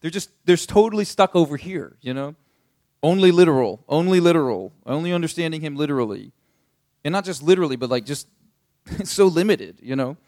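A man's voice: on the high side, expressive, brisk, darkish tone. A young adult man pastor teaching a Bible passage in a casual, conversational way, paraphrasing with many fillers.

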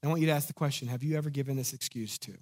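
A man preaching a sermon in an animated, conversational way, acting out the lines of the people in his story. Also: medium pitch, rapid-fire. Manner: animated, conversational, acts out quotes. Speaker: pastor.

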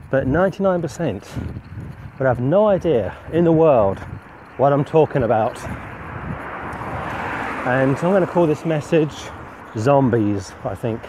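A man preaching a walking sermon outdoors on a street, slightly out of breath, earnest and reflective in a measured way. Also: mid-range voice, lively intonation, background noise.

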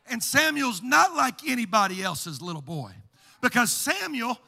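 A male pastor preaching a sermon with emphatic repetition, climbing from plain talk into shouted, sing-song cadences. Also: extremely high pitch, sing-song, normal speed, vocal fry. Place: church sanctuary. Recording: long church reverb.

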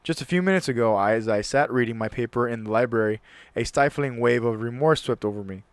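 A man's voice: mid-range voice, quick pace, no echo. A man hosting a solo talk show, chatting casually and reading a passage aloud earnestly, sometimes stumbling and restarting words.

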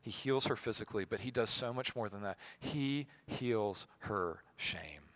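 Bright-voiced preacher swinging hushed to loud. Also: male voice, on the low side, animated, a little slow. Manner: acts out quoted voices with sarcasm. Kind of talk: sermon.

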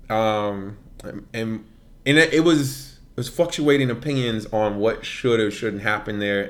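A man, co-hosting a podcast in casual chat and telling a story with lively, laughing delivery. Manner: animated storyteller, laughs often, voice jumps high. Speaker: podcast co-host.

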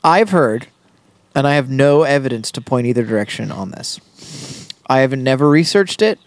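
A man's voice: medium pitch, lively intonation, moderate pace, no echo. A man co-hosting a podcast, rambling and hedging in casual chat. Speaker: podcast co-host.

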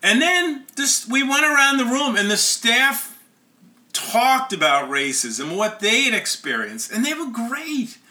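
A man's voice: very high-pitched, sing-song, unhurried, pushed and bright. A man telling a personal story in an earnest, conversational way.

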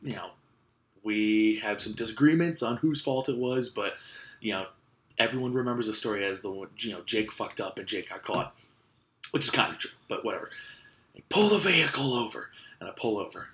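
A young male podcast host rambles through a story, full of "like" and restarts, laughing as he tells it. His voice is fairly low, fairly quick and fairly bright in tone.

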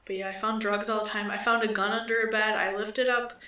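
A young woman with a bright, forceful voice, rambling profanely through a story and filling it with "like". She sits back from the mic in an echoey room. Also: mid-range voice, flat delivery, a little fast, far from the mic. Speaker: podcast co-host. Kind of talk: casual storytelling.

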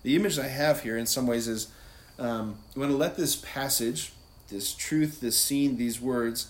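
An unhurried man with a medium-pitched voice takes on a priest's role, chatting informally about prayer and often adding "like" or "right?" The recording carries room echo and faint background noise.

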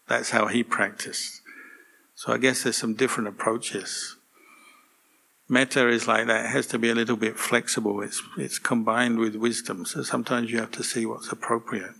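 Monk giving a dharma talk, gravelly low voice, pretty flat, easygoing with little jokes. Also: male voice, normal speed. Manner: relaxed, anecdotal, gently humorous. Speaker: monk teaching meditation. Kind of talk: dharma talk to a meditation group.

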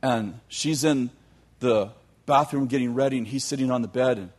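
A man telling a long story in a sermon, animated, with joking asides to his audience. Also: medium pitch, moderate pace. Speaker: youth teacher.

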